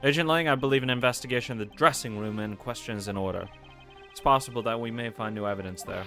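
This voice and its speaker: A man voicing a composed, formal male prosecutor in a game, speaking in a measured way. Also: mid-range voice, pushed and bright, soft background music.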